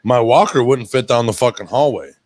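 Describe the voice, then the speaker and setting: A man's voice: mid-range voice, a little fast, darkish tone, no room sound. A man co-hosting a casual chat show, telling stories in a blunt, profane way. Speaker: podcast co-host.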